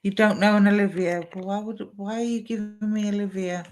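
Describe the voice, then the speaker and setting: Female medium, talky and warm-paced, live-stream reading. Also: medium pitch, steady tone, brisk. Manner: chatty, relays messages from spirit.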